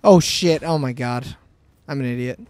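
A man's voice: mid-range voice, normal speed, smooth. A man streaming a game and chatting casually with a friend, joking around. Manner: animated, joking, breaks into silly sing-song noises. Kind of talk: casual gaming chat.

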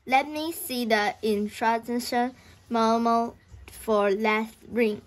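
An anxious, excitable schoolboy who frets easily, as a woman reads him aloud. The delivery is slow and fairly high-pitched, in a children's storybook reading. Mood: thoughtful. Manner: worried and excitable.

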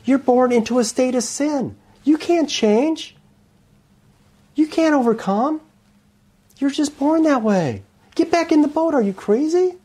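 A preacher voicing scoffing doubters who mock and urge a believer to give up, in a raised, incredulous voice. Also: male voice, animated, unhurried, long pauses, darkish tone. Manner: mocking, incredulous, high-pitched.

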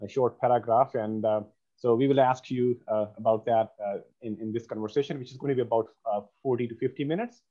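A male host opens an interview in a polite, halting way, and he fills his pauses with "uh" and "um". His voice comes through a video call with dull, lo-fi sound. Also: medium pitch, fairly even intonation, mellow. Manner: polite, hesitant, many fillers. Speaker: program host. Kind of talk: interview hosting.

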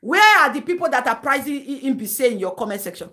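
A Nigerian woman holds forth on a live stream in gossip commentary, her voice sitting a little high. She lectures and scolds her subjects, repeating her points for emphasis and breaking off to laugh. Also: very animated, fast talker, sharp tone.

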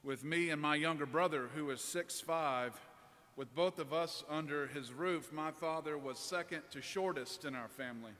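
A man preaches a sermon in a large church, easing into it with a personal story told in a relaxed, conversational way. His voice sits fairly high and sounds bright and forceful. Long reverb rings around him. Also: normal speed. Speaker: priest preaching.

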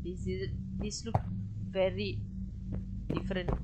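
A woman's voice: mid-range voice, level tone, slow, mellow, faint music behind. A young woman, chatting through her own gameplay as a streamer and talking to her viewers. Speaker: game streamer. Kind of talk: live gameplay commentary.

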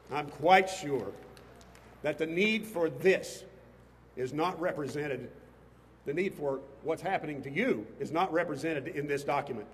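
A man's voice: fairly high pitch, long reverb tail, slight background noise. A man, a state legislator, giving an impassioned speech to a crowd outdoors, rising to emphatic bursts. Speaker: state legislator addressing a rally. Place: outdoors on capitol steps before a crowd.

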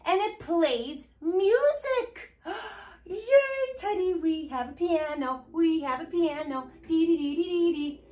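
High, lively children's show woman. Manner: slow, exaggerated and encouraging. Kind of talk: sing-song talk to small children.

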